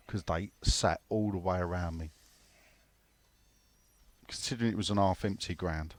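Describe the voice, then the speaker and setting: A man's voice: sits low, steady tone, normal speed, pauses often, no echo. A man co-hosting a casual football podcast, swearing freely and reading out listener questions. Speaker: podcast co-host.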